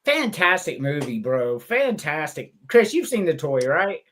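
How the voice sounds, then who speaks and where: Animated, profane man telling stories. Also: on the high side, unhurried, slight background noise. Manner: animated, profane storytelling with laughter. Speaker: podcast co-host. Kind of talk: casual podcast chat.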